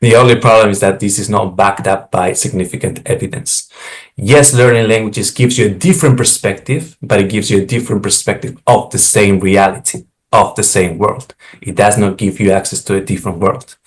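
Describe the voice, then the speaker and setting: A man co-hosting a talk show, explaining and arguing his points in a measured, lecturing way. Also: lowish voice, fairly even intonation. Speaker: podcast host and co-author. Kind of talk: explanatory monologue.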